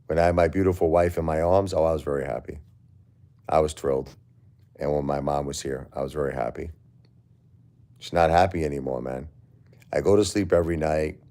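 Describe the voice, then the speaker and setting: A grieving middle-aged man hosting a casual livestream, weary and emotionally drained, talking to viewers with halting, repeated words. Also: rumbling low, dark tone. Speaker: livestream host.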